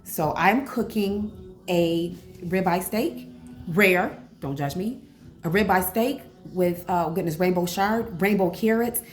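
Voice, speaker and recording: A woman in her forties, a cooking vlogger chatting casually at home with rambling, animated asides. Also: on the low side, takes it slowly. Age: 40s. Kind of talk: casual cooking vlog chat. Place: home kitchen. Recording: echoey kitchen, faint room noise.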